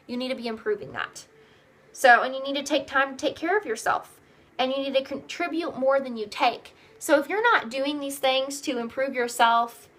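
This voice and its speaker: A woman's voice: high voice, bright, forceful tone. A young woman giving upbeat sales training to her team, coaching in a repetitive way and acting out customers' replies. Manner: acts out customers' replies in a raised voice. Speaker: direct sales team leader.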